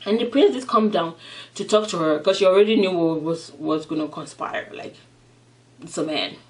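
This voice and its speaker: Eating-show host, lively chatty retelling, mic a bit far off. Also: mid-range voice, moderate pace. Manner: animated retelling, acting out the characters. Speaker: mukbang vlogger. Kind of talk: casual storytelling while eating.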